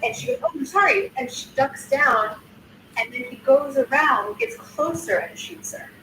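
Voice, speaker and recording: She's an older content creator, in her sixties, going over a news video in a casual, indignant way, with plenty of swearing and restarted sentences. Her high, sharp voice is very animated but a little slow, and the roomy, distant recording has faint noise.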